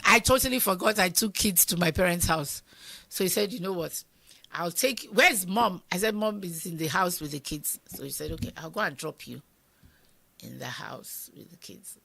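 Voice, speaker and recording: Middle-aged nigerian woman telling her story on a talk show, low husky voice, acts out voices. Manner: animated, acts out quoted voices, drops to whispers. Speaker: interview guest. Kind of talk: emotional personal storytelling.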